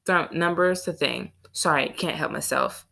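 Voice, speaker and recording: A woman reading the part of a nervous male librarian who talks in an anxious, hushed whisper. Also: sits low, measured pace, vocal fry, heavily acted. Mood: eager.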